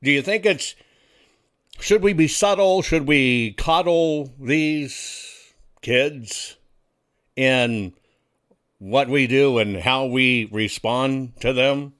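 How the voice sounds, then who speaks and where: A male talk show host delivers a casual monologue in a folksy, combative manner, frequently throwing rhetorical questions at the audience. His ordinary mid-range voice is fairly bright and extremely slow.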